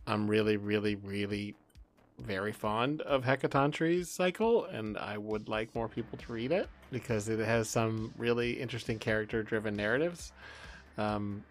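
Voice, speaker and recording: A man's voice: on the low side, normal speed. A man co-hosting a podcast, chatting casually and rambling with lots of fillers about his own writing. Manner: rambling, self-deprecating, many fillers. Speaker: podcast co-host. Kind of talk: casual chat.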